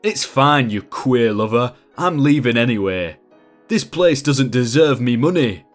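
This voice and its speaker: A man voicing a rude, bigoted male hotel guest who talks loud and sneering. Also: medium pitch, lively intonation, drawn-out words, faint music behind. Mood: contemptuous.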